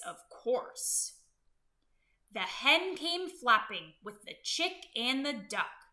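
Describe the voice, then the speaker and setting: A woman reading a children's picture book aloud in an expressive, sing-song way. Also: high voice. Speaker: storyteller. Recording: echoey room.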